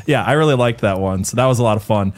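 A man's voice: medium pitch, quick pace. A man hosting a podcast in a casual, jokey way, laughing often and chatting with his co-host.

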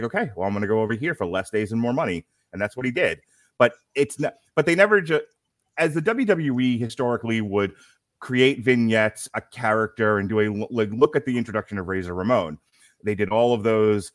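A man with a Brooklyn accent co-hosts a casual podcast chat and tells stories with a lot of animation, lacing them with quick asides. His voice sits on the low side. The sound is dry and close, with almost no room. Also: no echo. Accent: Brooklyn, New York. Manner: animated storytelling, quick asides, frequent laughter. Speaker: podcast co-host.

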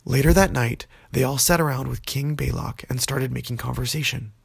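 A man narrating a children's fantasy story in a gentle, unhurried way. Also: medium pitch, steady tone, vocal fry, husky, no echo.

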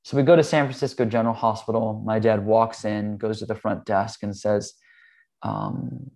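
In a gravelly, lowish voice and at a moderate pace, a meditation teacher tells a personal story and explains his ideas. He comes across as earnest and relaxed, with an occasional "um" or "like," like someone chatting.

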